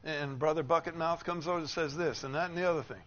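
A fast-talking preacher with a slightly high voice explains a passage and acts out those quoted in it, his emphasis rising each time. He's highly expressive, and the recording comes across a little dull, with faint noise.

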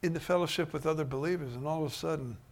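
A man delivers a sermon in a somewhat high voice. He drifts between soft, thoughtful stretches and sudden loud, emphatic peaks. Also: very fast, vocal fry. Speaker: preacher.

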